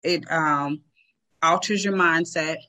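A woman's voice: low voice, takes it slowly, sharp tone. A woman being interviewed as a guest, speaking earnestly and often repeating words while she searches for them. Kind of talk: interview conversation.

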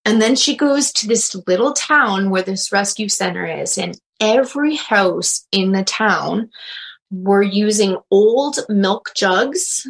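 A woman who works as a medium and animal communicator, telling a story in a casual interview and acting out the quotes with big jumps in pitch. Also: animated, slow, vocal fry, rough recording.

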